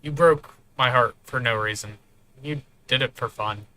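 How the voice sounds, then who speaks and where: A man's voice: medium pitch, normal speed, sharp tone, slight background noise, lightly acted. A man voicing a hurt young woman who is crying, stammering and lashing out. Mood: bitter. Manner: trembling, stammering, then lashing out.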